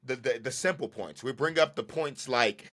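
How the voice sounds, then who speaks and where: A man's voice: mid-range voice, moderate pace, a bit bright. A man hosting a podcast, ranting about football in an emphatic, slangy way and repeating his points. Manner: slangy and casual. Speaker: podcast host. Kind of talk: solo football commentary.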